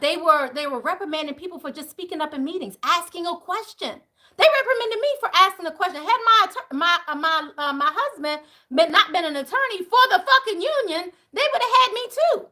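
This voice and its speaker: A woman with a high, bright voice tells her story in a casual, profane rant. Her pitch swoops widely as she swings from loud outbursts to low, muttered asides. She is a spiritual reader hosting a live stream.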